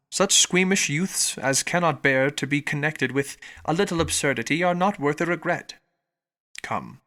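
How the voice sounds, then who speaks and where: Man voicing ironic father, dry, teasing, bright. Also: fairly high pitch.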